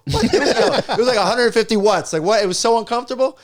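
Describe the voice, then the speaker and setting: A middle-aged man, a stand-up comic, telling animated stories in a casual chat and acting out the voices in them. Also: very high-pitched, quick pace, hardly any pauses.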